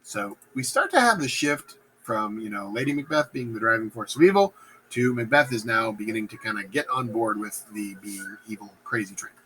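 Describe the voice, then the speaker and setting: A man's voice: medium pitch, bright, forceful tone, slight background noise, rough recording. A man casually summarizing a play as a teacher, playful and joking as he talks. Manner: playful, acts out characters in silly voices. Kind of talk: casual plot summary lecture.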